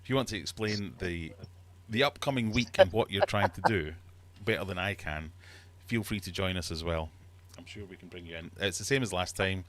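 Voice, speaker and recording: Scottish guy hosting a live stream, chatty, reads comments, a bit low voiced. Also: fairly quick, fairly bright tone. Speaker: livestream host. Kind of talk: casual livestream chat.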